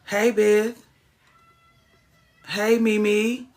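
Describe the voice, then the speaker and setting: A woman's voice: medium pitch, little pitch movement, extremely slow, darkish tone. A woman hosting a casual livestream, ranting with plenty of swearing and greeting viewers by name. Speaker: livestream host.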